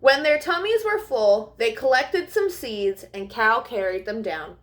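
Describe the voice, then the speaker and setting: Young woman doing storytime, sing-song, high and bright, slow and lively. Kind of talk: reading a picture book aloud.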